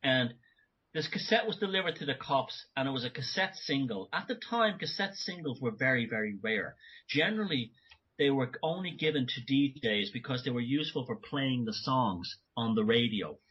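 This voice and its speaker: A man speaking as a guest in an interview, animated and talking in bursts with frequent restarts. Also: medium pitch, normal speed, slightly rough. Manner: animated, many restarts and asides. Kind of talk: conversational interview. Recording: dull lo-fi audio.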